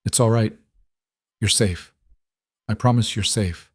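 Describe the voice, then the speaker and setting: A man voicing a calm, firm young duchess in a storybook reading. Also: on the low side, a little slow, slightly rough, no echo, studio quality.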